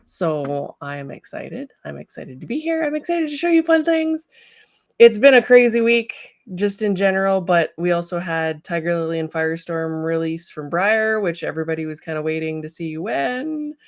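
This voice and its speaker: A chatty woman hosts a casual livestream in a low, gravelly voice. She laughs easily and greets viewers by name, recorded close and dry. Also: expressive, moderate pace, hardly any pauses, no echo. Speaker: livestream host.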